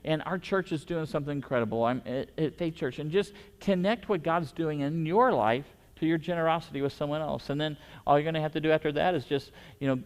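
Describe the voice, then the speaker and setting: Conversational preaching man, fairly high voice. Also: darkish tone, long reverb tail. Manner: conversational preaching with storytelling and repeated restarts. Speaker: pastor. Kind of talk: sermon. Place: church.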